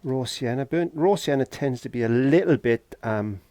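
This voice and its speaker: A man's voice: mid-range voice, expressive, normal speed, warm tone, dry recording. A man from Wales, chatting and joking to himself as he teaches painting in a shed. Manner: chatty, jokey, talks to himself while working. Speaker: painting tutor. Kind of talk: casual painting tutorial. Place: garden shed.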